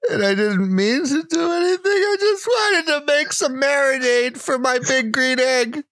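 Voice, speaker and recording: A man's voice: extremely high pitch, expressive, moderate pace, fairly bright tone, no room sound, pitched above the performer's own voice, heavily acted. A man putting on a blubbering guilty confessor. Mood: tearful. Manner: whiny, quavering, overwrought apology. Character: grown man sobbing a mock-tearful confession.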